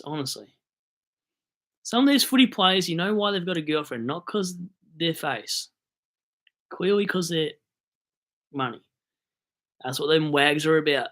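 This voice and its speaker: A man's voice: a little high, fairly bright tone. A young Australian man rambling and joking on a casual live stream about fantasy football, buzzing on coffee. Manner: rambling, jokey, hyped on coffee.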